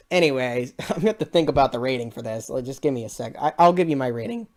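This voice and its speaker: A woman with a low voice that still swings widely up and down as she reviews a movie. She rambles through her complaints and sounds exasperated, breaking into laughter often. It comes across as a casual, unscripted review. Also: lively intonation, fast talker, a little mellow.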